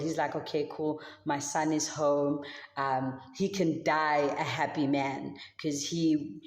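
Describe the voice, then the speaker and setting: A woman leads a children's Sunday school lesson, telling the story in a casual, chatty way full of filler words. Her voice sits on the lower side. The sound is roomy, with a long reverb from a church hall. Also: a little mellow.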